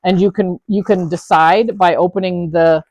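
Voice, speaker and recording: Low-voiced woman rambling excitedly, dry sound. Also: normal speed, no room sound. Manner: enthusiastic, rambling explanations with fillers. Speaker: podcast host. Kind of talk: casual chat.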